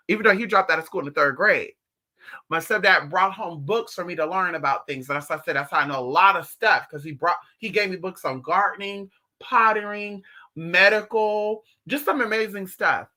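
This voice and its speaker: A spiritual teacher chatting casually with viewers on a live stream. They tell animated, profane stories and mock people with voiced impressions. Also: medium pitch.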